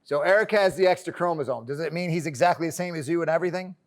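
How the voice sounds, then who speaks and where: A man with a high, bright-sounding speaking voice delivers a lively motivational keynote from a conference stage. He jokes with the crowd and keeps calling them friends. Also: racing. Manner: energetic and joking, addresses the crowd as friends. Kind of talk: motivational talk to a live audience.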